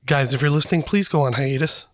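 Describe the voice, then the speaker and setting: A hoarse man who is losing his voice, co-hosting a podcast with goofy jokes in casual chat. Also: a little high, fast talker, no echo, clean studio sound. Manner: goofy, joking. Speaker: podcast co-host.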